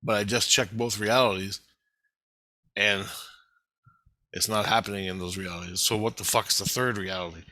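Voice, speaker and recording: A man telling a rambling, profane story in casual vlog style, getting excited as he goes. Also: fairly low pitch, moderate pace, pauses often, dry recording. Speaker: vlogger.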